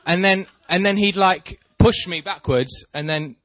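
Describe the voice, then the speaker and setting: This man has a high voice and speaks a little slowly. Chatting casually with a co-host, he wanders through a self-deprecating story and becomes animated when he gets excited.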